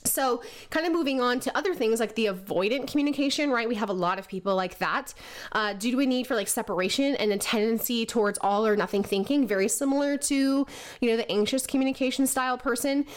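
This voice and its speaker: Woman, coach type, fairly high voice, loose chatty delivery, hiccups. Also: quick pace. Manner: conversational, many fillers and "right?" tags. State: has the hiccups. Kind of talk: casual talk to camera.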